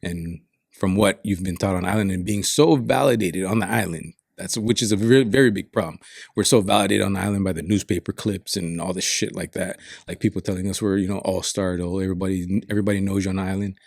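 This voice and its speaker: A man's voice: low-pitched, fairly even intonation, fast, creaky, a little mellow, no echo, studio quality. A man from Saipan telling stories in a casual chat, frank and reflective, swearing often. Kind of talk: casual storytelling.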